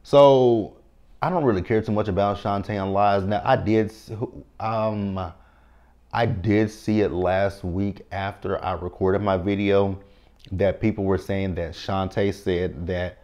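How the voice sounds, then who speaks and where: A man hosting a casual recap, chatty and quick to laugh, swearing freely. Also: deep voice, fairly even intonation, a little mellow, smooth. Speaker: recap host.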